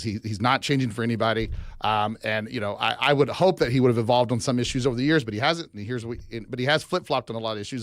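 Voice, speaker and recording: A man's voice: medium pitch, a bit bright, dry recording, clean studio sound. A middle-aged man from Arkansas, a political strategist guest, giving loose interview answers full of fillers. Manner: fast, loose, filler-heavy talk.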